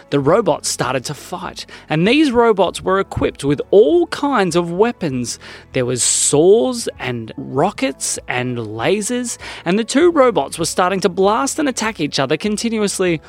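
A man narrating a silly children's story in a playful, lively way, as storyteller host. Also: high-pitched, unhurried, vocal fry.

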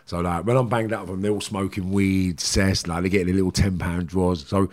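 Deep-voiced Cockney man telling his story. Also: steady tone, a little fast. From London, England. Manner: blunt, rambling, frequent "do you know what I mean". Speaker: guest. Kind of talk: candid interview storytelling.

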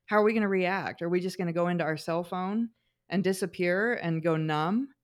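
Middle-aged woman, podcast co-host, lower voice, chatty storyteller, many fillers and restarts. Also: fairly quick. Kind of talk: casual podcast chat.

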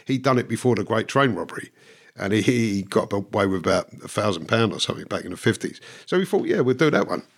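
A man's voice: lowish voice, lively intonation, fast. An older man, telling his story as a podcast guest in a blunt, swearing, vivid way. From London. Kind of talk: storytelling interview.

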